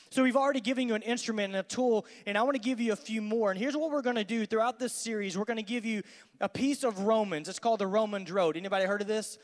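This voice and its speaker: A man's voice: sits high, quick pace. Man preaching in a reverberant hall. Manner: energetic, conversational, acts out dialogues. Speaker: student pastor. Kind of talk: youth sermon teaching.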